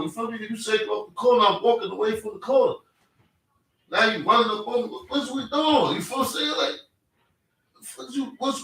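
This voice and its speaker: His voice is high, quick, gravelly, pushed and bright as this podcast host rambles through a personal story in street slang, repeatedly asking "you feel me." The sound comes from a far-off mic in an echoing room.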